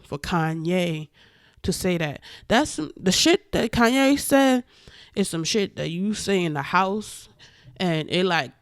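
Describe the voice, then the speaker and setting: A woman vlogger giving casual opinion commentary, animated and profane, with emphatic outbursts. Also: on the low side, no room sound, clean studio sound.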